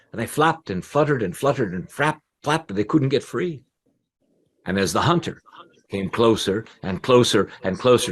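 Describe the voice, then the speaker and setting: A man who is a professional storyteller, telling a folk tale in an expressive, rhythmic way with repeated phrases. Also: lowish voice. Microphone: pre-made recording.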